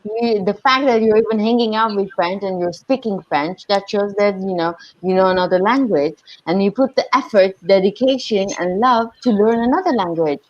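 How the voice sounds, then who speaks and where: A woman's voice: mid-range voice, normal speed, few pauses, muffled recording. A woman co-hosting a casual podcast, speaking in a chatty, opinionated way with frequent fillers. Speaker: podcast co-host.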